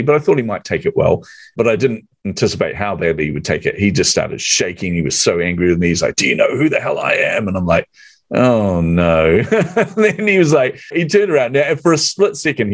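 Animated male podcast host, low dry voice. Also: slightly rough, no room sound. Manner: animated storyteller acting out quotes, laughs often. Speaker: podcast host telling a guest story. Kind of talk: casual storytelling chat.

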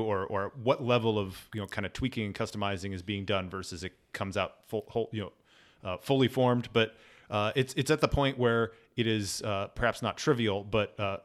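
A man in casual conversation as a podcast co-host, explaining points in a measured way with repeated words. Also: lowish voice.

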